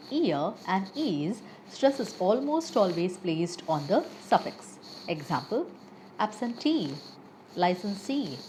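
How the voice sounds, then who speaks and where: Slow, lively-voiced woman teaching pronunciation. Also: mid-range voice, a little hiss or hum. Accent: Indian English. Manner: reads rule after rule, then lists of example words. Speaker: English teacher. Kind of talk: slow, carefully paced pronunciation lesson.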